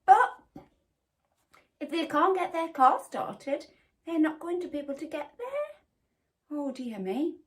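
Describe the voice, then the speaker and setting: A woman's voice: high voice, very animated. A woman primary school teacher giving a phonics lesson to young children, encouraging and sounding out letters one by one. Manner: slow, sing-song, encouraging, sounding out letters. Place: home or classroom, recorded for home learning.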